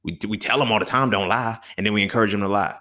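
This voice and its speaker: A man's voice: fairly low pitch, racing, pushed and bright. A man in his thirties hosting a solo talk show, speaking in a loose, slangy, profane way and acting out back-and-forth dialogue. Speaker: podcast host. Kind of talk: casual monologue.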